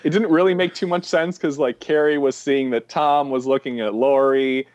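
A man co-hosting a podcast, retelling film scenes in a lively way and laughing often. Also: medium pitch, moderate pace, muffled recording. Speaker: podcast co-host. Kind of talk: casual chat about a film.

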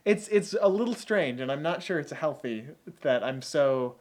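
A man's voice: a little high, expressive, moderate pace, a crowd in the background. A man hosting a podcast, talking in an upbeat, rambling way. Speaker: podcast host. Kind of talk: casual chat.

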